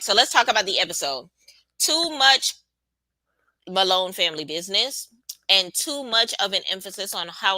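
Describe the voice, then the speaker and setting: A woman hosts a live reaction stream, replying to chat with casual sass in a very bright, forward voice that sits on the low side. The sound is close-miked and dry, with no room sound at all.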